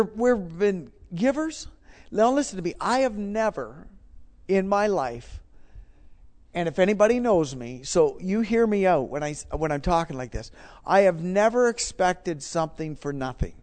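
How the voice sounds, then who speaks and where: A man's voice: high-pitched, lively intonation, normal speed, darkish tone. Emphatic man preaching a testimony. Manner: storytelling, emphatic, repeats phrases. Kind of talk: sermon testimony.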